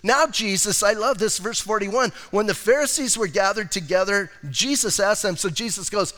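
A man's voice: high voice, moderate pace, few pauses, sharp tone, in a large hall. A man preaching a sermon as pastor, in a casual, conversational way, acting out quotes as he goes.

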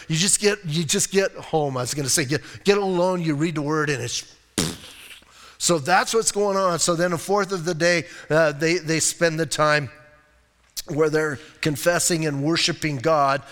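A man with a high voice preaches a conversational sermon. He talks straight to his listeners and presses hard on his main points. His voice rings out into the long reverb of a church sanctuary. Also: a bit bright. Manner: emphatic, rises on key points. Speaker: pastor.

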